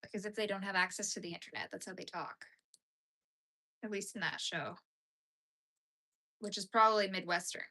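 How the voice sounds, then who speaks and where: A young Canadian woman chats casually with viewers during a crochet livestream, rambling and saying "like" a lot. Her mid-range voice is pushed and bright, at normal speed with long pauses.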